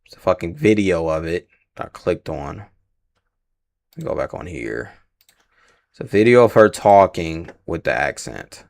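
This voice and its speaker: Lively low-voiced man streaming casually. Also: measured pace, creaky, pauses often. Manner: rambling, slangy and profane, stumbles over names. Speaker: livestream host reacting to casting news. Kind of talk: casual livestream reaction.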